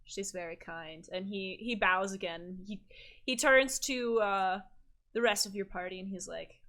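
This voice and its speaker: A woman's voice: mid-range voice, a little slow, bright, forceful tone. Woman game master, casual and chatty narration.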